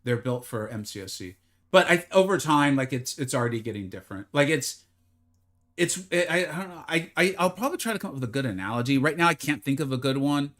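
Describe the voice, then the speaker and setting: A man streaming a mobile fighting game live, chatting casually with his viewers, joking at his own expense, and sometimes slipping into a mock infomercial pitch. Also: expressive, quick pace, fairly bright tone. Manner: chatty, self-deprecating, bursts into mock infomercial hype. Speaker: gaming streamer.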